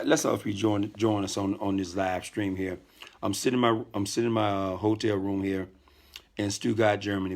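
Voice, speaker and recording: A middle-aged man who leads in network marketing hosts a casual live stream from a hotel room. Speaking calmly in a lowish voice, he greets viewers by name and often repeats himself.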